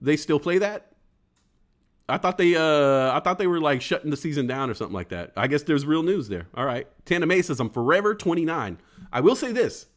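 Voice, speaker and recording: A man's voice: on the high side, fairly quick. A man in his forties hosting a casual live stream, joking and reading chat comments aloud. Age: 40s. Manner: animated and jokey, acts out quoted voices. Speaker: livestream host reading chat.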